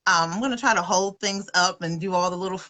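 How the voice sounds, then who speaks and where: A woman's voice: fairly low pitch, fast talker, bright, forceful tone. A woman giving a casual, folksy livestream presentation on her webcam, chatty and full of fillers. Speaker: wellness presenter.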